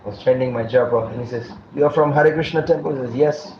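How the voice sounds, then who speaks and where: A man's voice: medium pitch, quick pace. A man giving a scripture class as a preacher, telling stories and acting out the dialogue, laughing now and then. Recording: dull roomy recording with faint noise.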